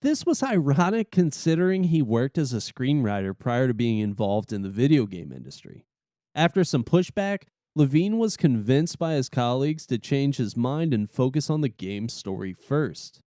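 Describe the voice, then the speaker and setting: A man's voice: mid-range voice, sing-song, mellow, dry recording, studio quality. A man co-hosting a gaming podcast, reading game history from notes with easygoing banter. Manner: easygoing, quick to laugh and tease. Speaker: podcast co-host.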